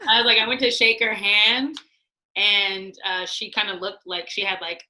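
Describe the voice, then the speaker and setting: A middle-aged woman, a former studio executive, telling lively stories in casual conversation, acting out what people said and laughing often. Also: mid-range voice, normal speed, rough recording. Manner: animated, acts out quotes, laughs often. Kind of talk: casual storytelling.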